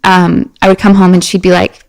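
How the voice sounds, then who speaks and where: A woman guest on a podcast, chatting casually and telling animated personal stories with many fillers and restarts. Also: on the low side, brisk, low-quality recording. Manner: animated storyteller. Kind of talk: casual chat.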